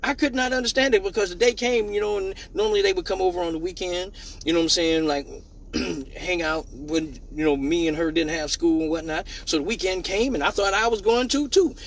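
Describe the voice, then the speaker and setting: Guy with a kinda high husky voice, casual animated storytelling, cusses a lot. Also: brisk. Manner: animated, swears freely, acts out dialogue. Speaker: live show host.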